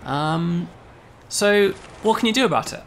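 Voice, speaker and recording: A man, a game developer, casually explaining a game demo, often pausing on "um" and checking with "right?". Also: high voice, lively intonation, a little hiss or hum.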